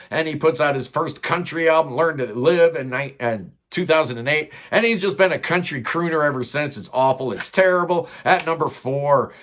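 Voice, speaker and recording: A man runs through a countdown of singers he dislikes, with a slightly high voice. His delivery is blunt and sarcastic, loose and unscripted, peppered with fillers. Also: fairly bright tone. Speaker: music commentary host. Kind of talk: opinionated countdown monologue.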